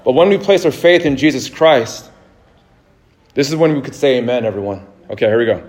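A man's voice: mid-range voice, expressive, a little fast, darkish tone. Man, 30s, pastor, loose conversational sermon delivery, mid-range voice. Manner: casual, anecdotal, laughs easily, many restarts.

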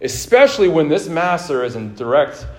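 A man's voice: on the high side, very animated, moderate pace, soft background music. A man in his thirties preaching a sermon in a casual, conversational way, telling stories and laughing easily. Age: 30s. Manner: casual, anecdotal, laughs easily, many restarts. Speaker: pastor.

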